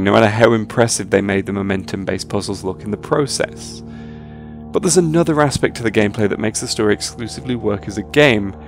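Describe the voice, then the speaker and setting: A man narrating a scripted video essay about games, with dry, sarcastic humor. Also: lowish voice.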